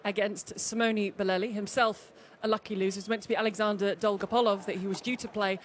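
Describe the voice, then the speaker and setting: Fast-talking woman studio host. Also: mid-range voice, fairly even intonation, a little hiss or hum. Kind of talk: live studio sports chat. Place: television studio.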